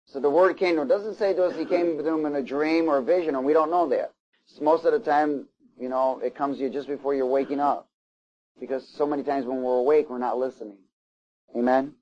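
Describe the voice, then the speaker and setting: Man preaching, slightly high voice, reads scripture then asks the congregation questions, muffled lo-fi recording. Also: a little mellow. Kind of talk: sermon. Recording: slightly dull, lo-fi sound.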